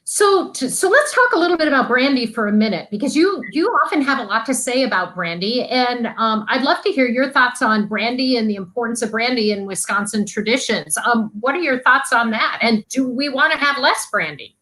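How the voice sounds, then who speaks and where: A woman's voice: a little high, lively intonation, a little fast, few pauses, pushed and bright, low-quality recording. A woman hosting a livestream interview, asking upbeat questions on a video call. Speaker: host.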